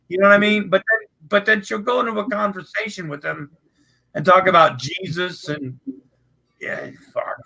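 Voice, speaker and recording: A man with a high, gravelly voice rambles in casual chat. He stops and restarts his thoughts. His tone is bright and edgy. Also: low-quality recording. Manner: rambling, halting, full of restarts and fillers. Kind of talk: casual group chat reacting to a livestream.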